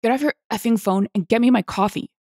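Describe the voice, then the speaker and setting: A woman voicing a rude, shouting man who demands coffee, barking and aggressive. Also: fairly high pitch, fast, dry recording, studio quality, voice pushed up. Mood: angry.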